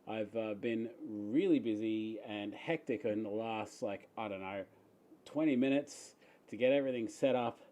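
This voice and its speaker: A chatty Australian man runs a casual live-stream Q&A from a room in his home. He speaks at an ordinary, mid-range pitch, greeting viewers by name and laughing easily between remarks. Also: dark tone.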